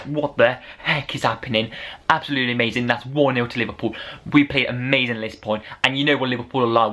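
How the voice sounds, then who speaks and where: Excitable man rambling about a match. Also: mid-range voice. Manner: excitable, rambling, rising to shouts over goals. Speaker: football fan vlogger. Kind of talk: unedited casual match review.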